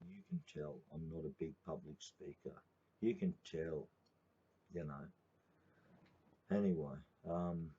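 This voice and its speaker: A middle-aged Australian man with a very deep, husky voice rambles through a late-night livestream, full of fillers and blunt swearing. His tone is dark and low, and the recording sounds dull and muffled. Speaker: activist channel host.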